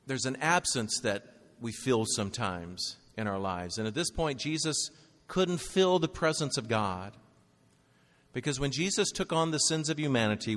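A male pastor delivers a dramatic sermon, rising to loud, urgent peaks and dropping to hushed, slow passages. His voice sits at a middle pitch and rings with a long reverb from a large hall.

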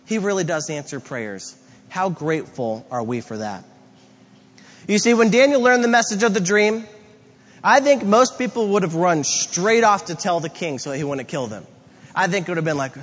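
A male pastor giving a sermon, telling stories with lively acted-out asides. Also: high-pitched, normal speed. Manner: storytelling with animated quoted asides. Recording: reverberant hall, dull lo-fi sound.

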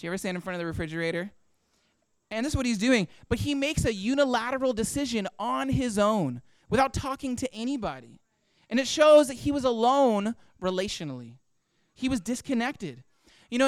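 With a very high, slightly bright, clean voice and no room sound, a male pastor gives a conversational sermon. Rhetorical questions fill it, and he performs quoted inner voices.

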